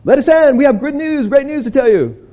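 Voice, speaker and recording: A man's voice: very high voice, wildly swooping pitch, a little fast, dark tone, husky, highs cut off, voice pushed up, heavily acted. A man voicing a jubilant leper who exclaims good news breathlessly, retelling a story in a sermon. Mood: overjoyed.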